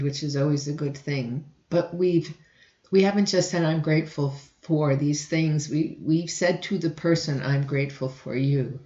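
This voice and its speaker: A woman instructor giving a recorded lecture, often clearing her throat and restarting sentences. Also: sits low, a little mellow, reverberant, muffled recording. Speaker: college instructor.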